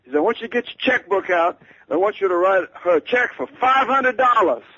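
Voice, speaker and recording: A man imitating a bossy older man who shouts orders down the phone in loud, clipped commands. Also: high voice, expressive, brisk, dry recording, pitched above the performer's own voice, exaggerated voice. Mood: commanding. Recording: dull lo-fi radio sound.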